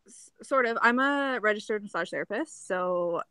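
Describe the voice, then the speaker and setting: A woman's voice: medium pitch, animated, moderate pace, bright, forceful tone, smooth, no echo, low-quality recording. Canadian woman, podcast guest, casual chatty talk, lots of fillers, dry close sound. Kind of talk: casual chat.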